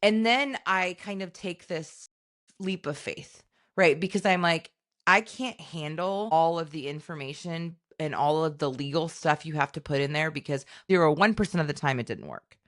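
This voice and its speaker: A woman's voice: low voice, normal speed. A woman in her forties co-hosting a podcast, chatting casually and telling stories with lots of acted-out quotes. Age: 40s. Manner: animated storytelling, acting out voices in quotes. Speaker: podcast co-host. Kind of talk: casual chat.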